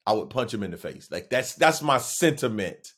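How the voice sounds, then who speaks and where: A man hosts a solo podcast. He muses slowly and pokes fun at himself, then swells into sudden emphatic encouragement. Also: medium pitch, sing-song, fairly bright tone. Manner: musing, self-deprecating, joking asides; slow, drawn-out phrasing with sudden emphatic rises. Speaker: podcast host. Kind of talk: reflective solo monologue.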